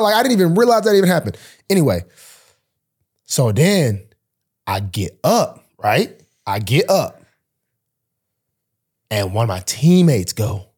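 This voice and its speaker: A young man holds forth in casual podcast chat, his voice slightly husky. He swings his pitch widely, jumping high whenever he mimics someone in the story. The talk is loose and full of restarts. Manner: animated, acts out quoted voices with big pitch jumps. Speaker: podcast host, pro football player.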